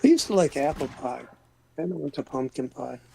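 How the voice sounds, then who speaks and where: Gravelly gamer rambling offhand. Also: mid-range voice, expressive, brisk, mellow, a little hiss or hum. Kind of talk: casual chat while gaming.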